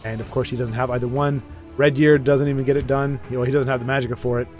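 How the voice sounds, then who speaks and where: A man's voice: medium pitch, little pitch movement, fast, a little mellow, faint music behind. A man casually commentating a card game match, chatty and self-deprecating, rambling with frequent restarts.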